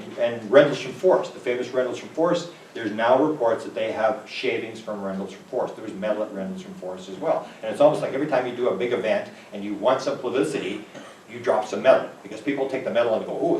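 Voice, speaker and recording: A man's voice: medium pitch, a little mellow. A man from Manitoba, Canada, giving a rambling, conversational talk, acting out the voices in his stories. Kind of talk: rambling lecture storytelling. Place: talk venue room. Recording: roomy distant mic with faint background noise.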